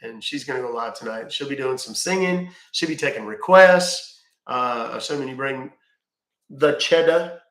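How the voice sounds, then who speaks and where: A man's voice: mid-range voice, normal speed, a bit bright, reverberant. A man hosting a casual live stream from home, rambling, thanking viewers by name and swearing offhand. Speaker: live-stream scambaiter host.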